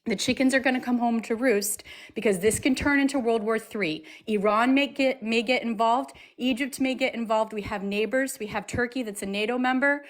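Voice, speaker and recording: A woman's voice: on the high side, normal speed. Angry, emphatic American woman. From United States. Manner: angry, emphatic, repeats phrases. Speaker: caller. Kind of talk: impassioned call-in speech.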